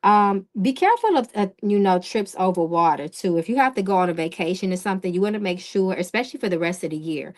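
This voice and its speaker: A woman reading tarot live for an online audience, her pitch sitting right in the ordinary middle. She speaks plainly and directly, pausing to ask "okay?" and to call out to chat viewers between cards. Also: expressive. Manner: direct and casual, often checking in with "okay?" and greeting chat viewers. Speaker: tarot reader hosting a live stream.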